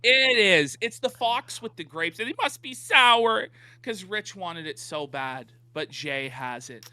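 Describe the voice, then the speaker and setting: A man with a high, lively, swooping voice tears into his target in a mocking, emphatic rant. His tone is bright and sharp, and the sound is close and dry. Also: unhurried, no echo. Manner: ranting, mocking, emphatic repetition. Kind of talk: heated commentary on online drama.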